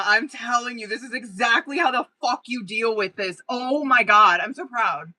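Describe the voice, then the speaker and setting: Excitable, foul-mouthed woman tarot reader. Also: a little high, moderate pace, few pauses, low-quality recording. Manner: excitable, heavy swearing, talks straight to a viewer. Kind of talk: live-stream tarot reading.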